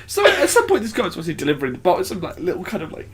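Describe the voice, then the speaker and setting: Animated man telling stories. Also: sits high, rapid-fire, very noisy. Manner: animated storyteller acting out quotes. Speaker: podcast co-host. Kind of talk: casual chat.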